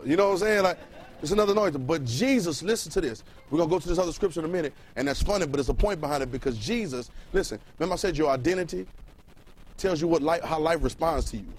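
A man's voice: a little high, fast, slight background noise, low-quality recording. A man preaching in an everyday, conversational register, with a voice that sits slightly above the usual male range. He circles back over his own words as he builds each point and keeps tossing questions out to the room. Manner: colloquial, fires rhetorical questions at the room. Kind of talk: sermon with Bible reading.

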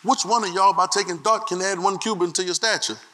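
A man's voice: high-pitched, fairly quick, pushed and bright. A man preaching a sermon in a dialect, using call-and-response and shifting his tone. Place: church. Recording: echoey hall, faint noise.

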